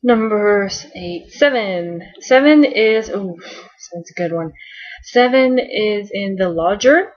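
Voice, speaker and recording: Speaking slowly and animatedly, a young-sounding woman vlogger talks her way through a casual fan countdown at a normal middle pitch. She's bubbly and rambling, full of "um"s and soft giggles, on a lo-fi home recording that sounds dull.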